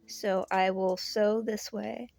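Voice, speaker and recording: Hoarse woman chatting while she sews. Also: medium pitch, flat delivery, slow pace, no echo, soft background music. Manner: chatty, self-deprecating, soft laughs. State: hoarse from being sick; out of breath. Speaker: sewing vlogger. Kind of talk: casual crafting vlog chat.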